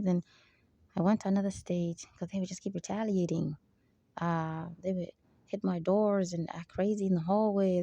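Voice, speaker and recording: A woman's voice: fairly low pitch, creaky, mellow, no room sound. A woman hosting her own channel, talking in an emphatic, rambling spiritual monologue full of asides. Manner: emphatic, digressive, frequent "there you go". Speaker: channel host.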